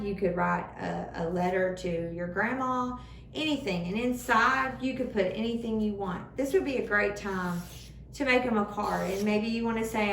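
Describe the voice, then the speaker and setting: A young woman giving a children's sermon in simple, animated words, recorded in a church room. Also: mid-range voice, unhurried. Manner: animated, speaks simply to children, acts out voices. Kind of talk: kids' sermon. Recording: echoey room, far from the mic, faint noise.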